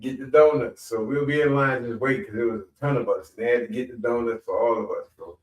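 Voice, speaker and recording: Rambling storyteller, echoey distant mic. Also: male voice, medium pitch, brisk. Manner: rambling, repeats himself, animated. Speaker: podcast guest. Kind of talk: animated storytelling.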